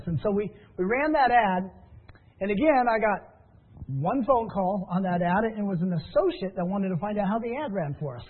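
A fairly high-voiced man tells stories and coaches his listeners in an upbeat, encouraging way. His voice comes through a thin, tinny phone line. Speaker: business trainer. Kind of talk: motivational training talk.

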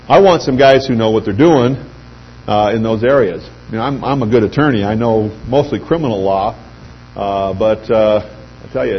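A middle-aged man giving an anecdotal pitch speech to a live audience, telling lively stories and acting out quoted voices. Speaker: speaker addressing a sales audience. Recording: dull lo-fi recording with faint hum.

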